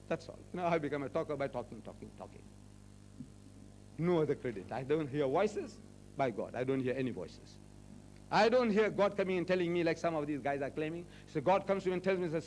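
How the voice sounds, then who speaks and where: Animated older man giving a public lecture. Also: a little high, fast talker, faint music behind, poor audio. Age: 60s. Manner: rhetorical, teasing, emphatic repetition. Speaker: Muslim lecturer. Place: university lecture hall.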